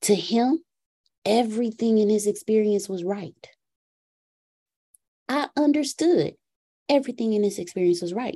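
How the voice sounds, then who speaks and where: A woman hosting a podcast, telling a casual story in an animated way and acting out a dialogue with her son. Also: mid-range voice, unhurried, long pauses, breathy edge. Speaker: podcast host.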